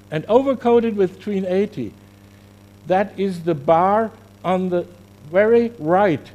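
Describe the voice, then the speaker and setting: High-voiced man giving a scientific lecture. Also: warm tone. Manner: halting, often corrects himself mid-phrase. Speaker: scientific presenter. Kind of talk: conference lecture. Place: conference venue.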